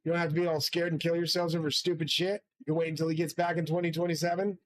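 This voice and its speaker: A man's voice: on the high side, little pitch movement, very fast, rough recording. A man hosting his own channel, delivering a rambling, profane and grandiose solo monologue from his studio. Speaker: channel host.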